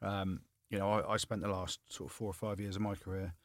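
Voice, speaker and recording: A man in his forties, a retired rugby player co-hosting a podcast, chatting casually and teasing his co-hosts loudly. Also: deep voice, a little fast, no echo. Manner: teasing, loud and lively when joking. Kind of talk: casual banter.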